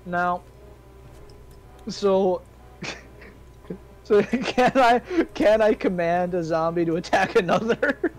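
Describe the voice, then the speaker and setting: A man's voice: high voice, slow, long pauses, low-quality recording. A man playing a tabletop game who laughs and swears a lot, with plenty of hesitant fillers. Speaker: player. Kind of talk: casual tabletop game play.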